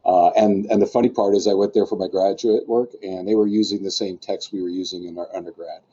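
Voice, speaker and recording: Mellow-voiced man rambling on a video call. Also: deep voice, steady tone, fast, husky. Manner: rambling, self-deprecating. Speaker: network engineering manager. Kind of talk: casual self-introduction. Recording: muffled video-call audio.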